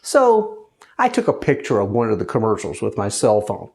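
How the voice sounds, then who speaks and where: A man speaks in a lively voice whose pitch swings up and down as he talks. He sounds conversational and wry, slipping into sarcasm, a widower now living alone and talking about his grief. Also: moderate pace, gravelly. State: widowed, grieving. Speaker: host. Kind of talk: personal monologue.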